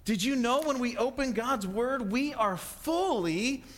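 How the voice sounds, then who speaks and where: A man preaching a sermon as a pastor, fast and excitable, slipping into playful acted-out asides. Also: very high-pitched. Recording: long hall reverb.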